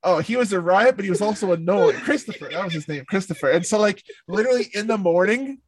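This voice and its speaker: A former camp counselor tells rambling stories in casual chat, his high, expressive voice moving fast. He leans heavily on "like" and other filler words and swears a lot.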